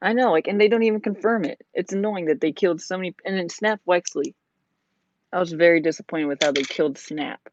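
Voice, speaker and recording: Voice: medium pitch, fairly quick, no room sound. Rambling vlogger chatting while building. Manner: rambling, lots of "like" and "you know". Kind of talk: casual chat while building. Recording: dull lo-fi sound.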